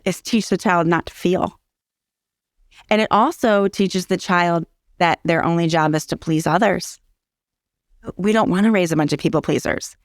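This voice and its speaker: A woman's voice: fairly low pitch, smooth, no echo, clean studio sound. A middle-aged woman explaining parenting in a casual interview, earnest and teacherly, repeating key phrases for emphasis. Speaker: early childhood educator and parenting guest.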